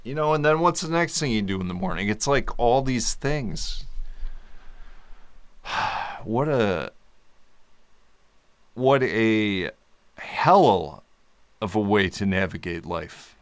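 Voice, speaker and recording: A man talking candidly in a personal video diary, in slow, halting speech broken by long pauses and sighs. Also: on the low side, expressive. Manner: candid, informal, occasional cursing. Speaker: vlogger.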